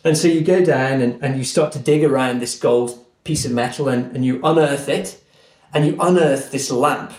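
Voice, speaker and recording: A man guest on a podcast, telling a story in an earnest, animated way. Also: medium pitch, moderate pace. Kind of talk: conversational storytelling. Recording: roomy echo.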